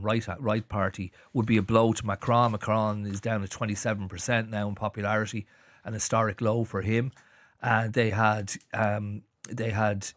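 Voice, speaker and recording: A man with an Irish accent discussing news as a radio panelist, speaking haltingly with frequent restarts and fillers. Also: fairly low pitch, dry recording. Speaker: journalist panelist. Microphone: studio microphone.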